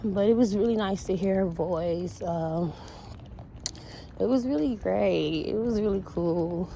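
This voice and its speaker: Chatty woman on a walk outside, blunt and animated, cursing a lot, middle pitch, bit of faint noise around. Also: unhurried, gravelly, rough recording. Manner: animated, blunt, swears freely, laughs often. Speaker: vlogger reacting to an interview. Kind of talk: casual chat. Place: outdoors on a walk.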